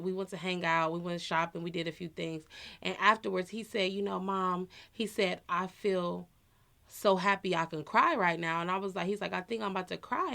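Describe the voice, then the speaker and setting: Earnest woman with a lowish voice. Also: vocal fry, a bit bright. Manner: earnest, reflective personal storytelling. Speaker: podcast co-host. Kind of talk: casual podcast conversation.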